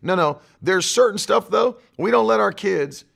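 A man's voice: high-pitched, animated, normal speed, gravelly, fairly bright tone. A male pastor preaching a fiery sermon to an online audience, hammering home his points by repeating them. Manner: emphatic, repeats key phrases.

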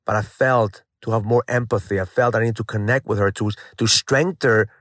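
A man's voice: lowish voice, fairly even intonation, brisk, a bit bright, dry recording. A middle-aged man shares a personal story as host of his daily motivational message. He talks earnestly and casually, leaning on repeated phrases to drive points home. The recording is dry and close, with no room sound. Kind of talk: casual spoken reflection.

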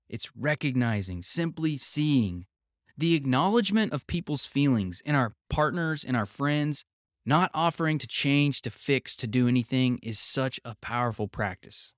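A man hosting a podcast from home, talking things through in a calm, reflective, measured way. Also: medium pitch, dry recording, studio quality. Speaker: podcast host. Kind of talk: explanatory podcast talk.

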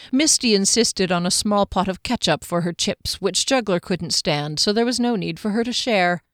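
A woman reading a fantasy novel aloud in a steady storytelling manner. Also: lowish voice, smooth, no echo, studio quality. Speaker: narrator.

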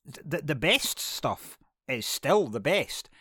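A man's voice: a little high, big pitch swings, takes it slowly, fairly bright tone, slightly rough, dry recording, clean studio sound. A man chatting casually, blunt and opinionated. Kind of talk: casual podcast chat.

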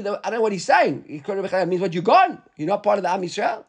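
High-voiced man teaching a Talmud class. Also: very animated, fast talker, gravelly, breathy edge. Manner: reads Hebrew and Aramaic text aloud then explains in English.

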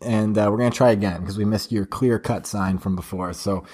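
A man's voice: fairly low pitch, fairly even intonation, fairly quick, darkish tone, breathy edge. A man co-hosting a casual podcast chat, easygoing and steering the talk. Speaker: podcast co-host.

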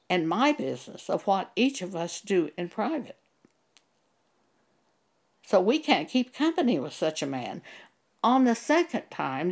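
A woman's voice: medium pitch, gravelly, a little mellow. An older woman giving an earnest, emphatic Bible teaching, quoting scripture and telling of her own church experiences.

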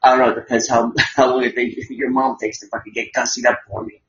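Speaking fast in a creaky, slightly bright mid-range voice, this man hosts a podcast with flat delivery. The casual crude chat is rambling, sarcastic and full of swearing, and the audio is dull and lo-fi.

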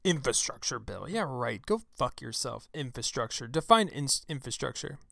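A man hosting his own talk show, delivering an angry, profane political rant into a close microphone, with shouted outbursts. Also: medium pitch, big pitch swings, moderate pace, gravelly, no room sound. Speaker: show host. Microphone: close studio mic.

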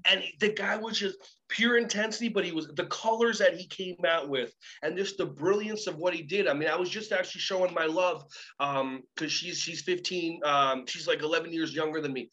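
A man with a bright, forceful voice pitched a little above the usual, telling stories as an interview guest. He talks excitably, his pitch leaping up as he gets carried away. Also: brisk, highs cut off. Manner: excitable, with big swings in pitch. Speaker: guest, keynote speaker. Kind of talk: animated storytelling.

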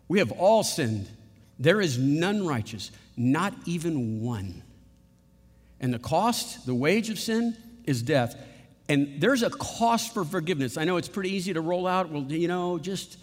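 A man preaching a sermon in an earnest tone, leaning on key words and slowing down to stress them. His voice sits a little high for a man, and a long reverb trails behind it. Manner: earnest preaching, slows for emphasis, repeats words. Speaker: pastor.

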